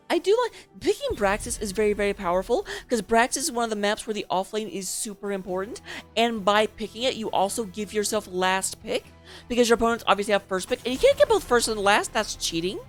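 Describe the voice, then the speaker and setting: A woman's voice: mid-range voice, lively intonation, quick pace, soft background music. A woman casting a live esports match as its host, chatty and playful, joking between the picks. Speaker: esports caster.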